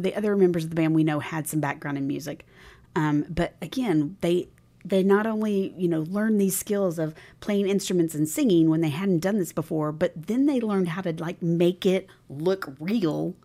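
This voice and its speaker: A woman's voice: on the low side, normal speed, warm tone. A woman co-hosting a podcast, casually recapping a TV episode and retelling scenes with acted-out dialogue. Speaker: podcast co-host.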